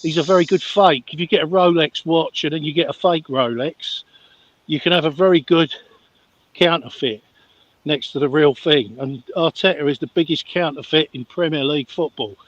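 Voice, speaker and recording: A man's voice: fairly high pitch, moderate pace, dry recording. A man calling in to a football fan show, bluntly opinionated and dismissive. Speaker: caller. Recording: dull dry call-in line.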